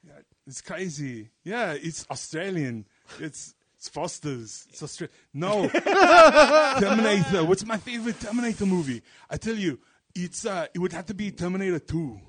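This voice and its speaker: A man's voice: a little high, sing-song, unhurried, long pauses, slightly rough, dry recording, voice pushed down, exaggerated voice. A man doing a comedic impression of an aging bodybuilder action star, rambling and boastful with lots of "you know".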